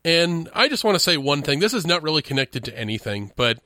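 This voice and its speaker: Animated bright-voiced sarcastic man. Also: on the high side, fairly quick, no echo, clean studio sound. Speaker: podcast co-host. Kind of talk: casual movie review chat.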